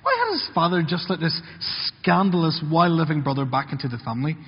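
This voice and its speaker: A man's voice: fairly high pitch, very animated, fast talker, breathy edge. A man giving an earnest sermon, acting out the words of story characters. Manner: earnest, acts out characters' lines in quotes. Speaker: preacher. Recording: muffled, with long hall reverb.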